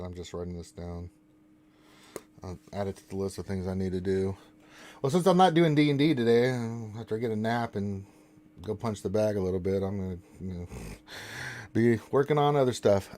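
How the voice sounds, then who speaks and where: A man's voice: on the low side, normal speed, pauses often, warm tone. A man hosting a casual live stream, joking around and reading viewer questions aloud. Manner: loose, joking, reads chat questions aloud. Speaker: host.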